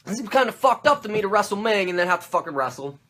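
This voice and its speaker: A man's voice: high-pitched, very animated, fast, a bit bright, exaggerated voice. A man doing a whiny, stammering wrestler. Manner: stammering, complaining. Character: whiny, reluctant male wrestler, easily rattled.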